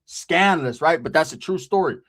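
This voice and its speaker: A man's voice: fairly high pitch, expressive, a little fast, a bit bright. A man from Central California telling a casual street story in a profane, streetwise way, often tagging lines with "right?".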